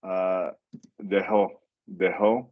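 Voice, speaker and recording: Man, language student, hesitant, lots of fillers, very slow pace, dull call audio. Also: deep voice, level tone. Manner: hesitant, repeats words while practicing, many fillers. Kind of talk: online one-on-one lesson.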